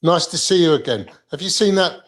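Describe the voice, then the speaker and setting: A man's voice: on the high side, lively intonation, a little fast. A man co-hosting a live chat show, talking casually with small hesitations. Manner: hesitant, chatty.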